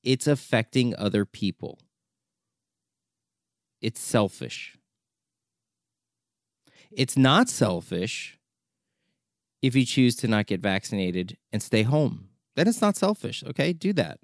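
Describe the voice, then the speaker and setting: A documentary filmmaker giving an impassioned opinion monologue, exasperated and urgent, often repeating words for emphasis. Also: male voice, fairly low pitch, expressive, slow pace, pauses often, no echo, clean studio sound.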